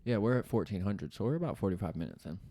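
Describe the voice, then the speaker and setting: A young man hosts a loose, joking podcast chat, and his speech is full of filler words. His voice sits low with a mellow, dark tone. The sound is dry and close, with no room echo. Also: expressive, fast talker. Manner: rambling, jokey, full of "like". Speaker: podcast host. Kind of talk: casual chat.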